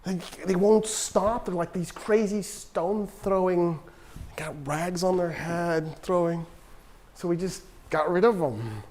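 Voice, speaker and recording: A man's voice: sits high, unhurried, a little mellow, a little hiss or hum. A man voicing an elderly male church patriarch who is bewildered and hesitant, with a stammering delivery.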